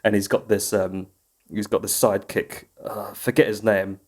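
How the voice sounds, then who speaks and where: A man's voice: lowish voice, little pitch movement, moderate pace. A man co-hosting a casual podcast chat, rambling through stories and laughing often. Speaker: podcast co-host.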